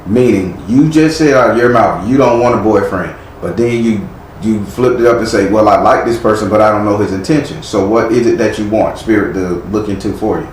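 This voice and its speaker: Speaking a little fast in a lowish voice, this man delivers a live tarot reading. He scolds bluntly and leans on casual slang, and the recording picks up room echo and faint noise.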